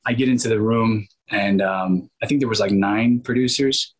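A man talks as a guest on an interview show, spinning rambling anecdotes and slipping into the voices of the people he quotes. His voice sits on the low side with a husky, breathy texture. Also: normal speed, low-quality recording. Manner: animated, acts out quoted dialogue; rambling with restarts and fillers. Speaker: guest actor. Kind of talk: casual interview storytelling.

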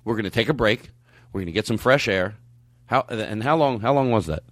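A man hosting a podcast, telling stories in casual, animated, profane comedic chat. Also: on the low side, a little fast, no room sound. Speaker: podcast host.

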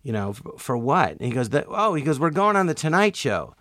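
A man's voice: medium pitch, fairly quick, no echo, studio quality. A middle-aged man, a guest comedian, telling stories in casual talk and acting out the voices he quotes. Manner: animated, acts out quoted voices. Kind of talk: casual storytelling interview.

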